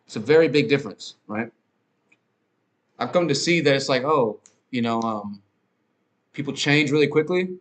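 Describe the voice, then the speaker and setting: A man's voice: mid-range voice, expressive, normal speed, long pauses. Rambling, profane male podcast host. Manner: rambling, profane, many fillers and restarts. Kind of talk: casual monologue, ranting.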